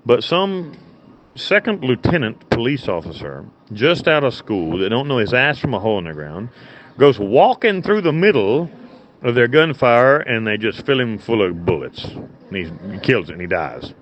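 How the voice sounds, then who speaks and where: A man's voice: medium pitch, big pitch swings, moderate pace. A man from the United States, a prison inmate, telling stories bluntly and profanely from his cell over a cell phone, with many restarts. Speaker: interview guest, prison inmate. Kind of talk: rambling conversational storytelling. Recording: muffled lo-fi phone line with faint noise.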